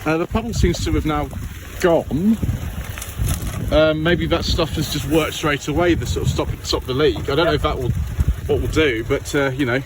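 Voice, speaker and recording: A polite, hesitant man chatting casually, trailing off and starting over, his voice a touch high. Clear outdoor noise runs behind him. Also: moderate pace. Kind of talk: casual chat.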